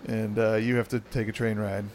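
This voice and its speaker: A man's voice: lowish voice, level tone, normal speed, a little mellow, slight background noise. A young man with a New Jersey accent, hosting a podcast in casual, rambling chat, laughing often and swearing freely. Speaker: podcast host.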